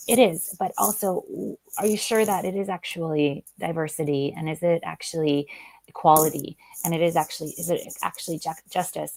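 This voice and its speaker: A woman's voice: on the low side, vocal fry, darkish tone, low-quality recording. A woman speaking as an interview guest, thoughtful and full of "you know" fillers. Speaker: guest author and linguist. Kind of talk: interview conversation.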